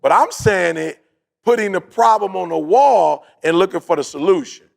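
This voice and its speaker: A man in casual podcast chat, telling a story in a slangy, animated way and acting out what people said. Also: sits high, normal speed, creaky. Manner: animated, slangy, acts out his own quotes.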